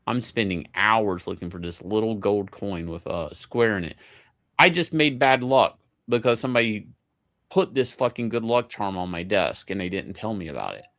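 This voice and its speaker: A man telling a casual story in an animated, profane way, with many stammering restarts. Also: on the low side, moderate pace.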